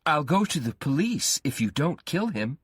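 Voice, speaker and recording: A man voicing a menacing, obsessive young man, his voice pushed up high and strained. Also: big pitch swings, normal speed, husky, dry recording, clean studio sound. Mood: insistent. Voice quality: raised, strained pitch.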